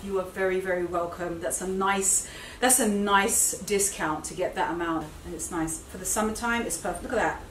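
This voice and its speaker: A woman's voice: mid-range voice, a little hiss or hum. A middle-aged woman chatting enthusiastically to camera as a fashion vlogger at home, often correcting herself mid-sentence. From Britain. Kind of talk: casual chat to camera. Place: indoors at home. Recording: roomy, slightly distant home recording.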